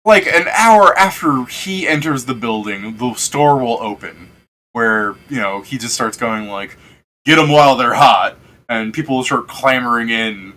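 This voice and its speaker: A man's voice: medium pitch, measured pace, pushed and bright. A man running a tabletop game as game master, rambling casually, laughing and swearing often.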